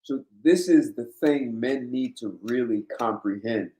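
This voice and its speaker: A man's voice: medium pitch, unhurried, mellow. A man hosting a blunt, emphatic monologue in a casual, lecturing way. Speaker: host. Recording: roomy echo.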